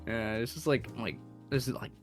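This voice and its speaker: A man's voice: mid-range voice, normal speed, over music. Rambling young man voice actor. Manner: rambling, lots of fillers, laughs often. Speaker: voice actor, podcast co-host. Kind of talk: casual chat.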